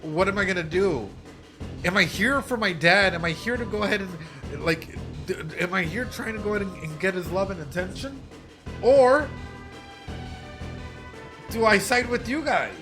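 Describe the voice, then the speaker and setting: Excitable man commenting on a game. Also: high-pitched, moderate pace, long pauses, soft background music. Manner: excitable, exclaiming, musing aloud. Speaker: psychologist playing a game on stream. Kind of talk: let's play commentary.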